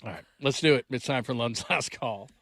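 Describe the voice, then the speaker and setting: A man hosting a sports talk radio show, energetic and full of enthusiastic praise. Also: mid-range voice, brisk, vocal fry, no room sound.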